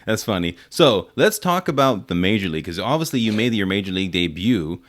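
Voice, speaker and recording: A man's voice: fairly low pitch, sing-song, fairly quick. A man hosting a casual podcast interview, asking rambling questions with lots of fillers. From Puerto Rico. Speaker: podcast host.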